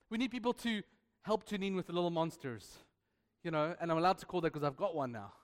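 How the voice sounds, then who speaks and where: High-voiced preacher in a hall. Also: male voice. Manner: emphatic, playful, repeats refrains. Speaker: pastor. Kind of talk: sermon. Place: church hall.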